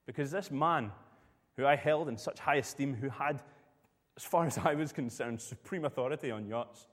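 A man's voice: mid-range voice, moderate pace, big-room sound. A man preaching a sermon, telling a personal story in a conversational way.

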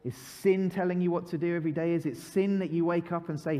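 A man preaching a lively children's sermon to a congregation, repeating key phrases so listeners can join in. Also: a little high, fairly quick, hardly any pauses, slight background noise. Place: church hall with long reverb. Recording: long hall reverb.

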